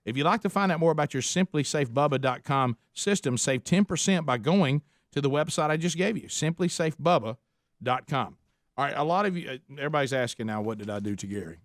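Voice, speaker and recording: A man's voice: on the high side, fairly quick, no room sound, clean studio sound. Rambling male talk radio host. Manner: rambling, chuckling, with many restarts. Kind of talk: casual storytelling on talk radio.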